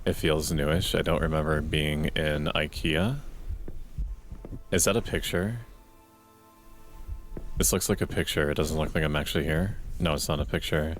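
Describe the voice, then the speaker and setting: A male streamer giving casual gameplay commentary at home at night, keeping his voice quiet and in a deliberate monotone. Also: rumbling low, faint music behind.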